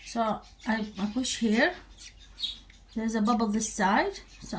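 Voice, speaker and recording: A woman's voice: mid-range voice, measured pace, slight background noise. A woman casually demonstrating how she hand-feeds her birds, talking to them affectionately as she works. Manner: cooing, affectionate talk to baby birds. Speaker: bird keeper showing hand-feeding.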